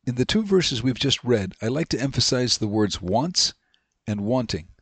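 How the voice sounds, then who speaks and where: Male Bible teacher, mid-pitched, reads scripture slow and emphatic; dry, close sound. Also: big pitch swings, breathy edge, dry recording. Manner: slows down and lifts his voice reading scripture.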